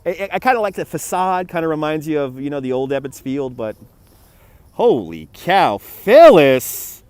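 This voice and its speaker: A man's voice: fairly high pitch, fairly even intonation, fast talker, clear, resonant tone, no echo. A man in his forties from New York hosts a live walking-tour stream, chatting casually and greeting viewers by name, recorded outdoors on a phone with traffic behind him. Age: 40s. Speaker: livestream walking-tour host. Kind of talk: casual livestream chat reading viewer comments. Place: outdoors by a city harbor. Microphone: phone on handheld gimbal.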